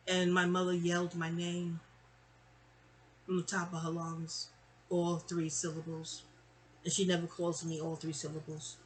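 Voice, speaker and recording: A woman's voice: on the low side, unhurried, pauses often, slight background noise. A woman, telling a casual, rambling family story. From New York City. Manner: chatty, animated, digressive.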